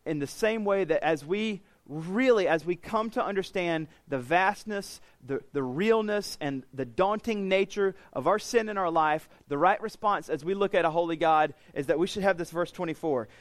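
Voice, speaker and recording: A man's voice: high voice, normal speed, hardly any pauses, no echo. Conversational male preacher, dry sound. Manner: conversational, paraphrasing scripture in casual voices; frequent restarts and repeated words. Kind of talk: sermon, Bible teaching.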